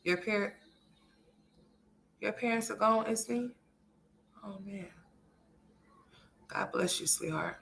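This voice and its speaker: Bright-voiced woman chatting on a livestream. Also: medium pitch, slow pace, creaky, long pauses, a little hiss or hum. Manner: chatty and emphatic, calls viewers honey and sweetheart; swings between loud animated bursts and soft murmurs. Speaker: livestream commentary host. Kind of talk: casual livestream commentary, reading viewer chat.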